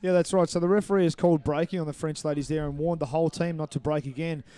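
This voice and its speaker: Male play-by-play commentator, warm and smooth, slightly high voice, brisk explanatory calls. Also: fairly even intonation, no room sound. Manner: brisk, explanatory, apologetic over names. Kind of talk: live sports commentary.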